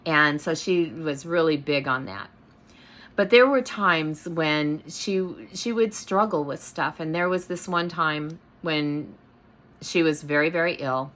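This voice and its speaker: A woman's voice: low voice, a little slow, fairly bright tone. A middle-aged woman hosting, telling a personal story in a casual way, with many fillers and restarts. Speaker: host.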